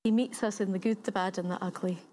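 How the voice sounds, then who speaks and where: A woman's voice: medium pitch, fairly even intonation, fast talker, dark tone. A woman giving a sermon, retelling a story in a conversational way and building points through repetition. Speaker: preacher.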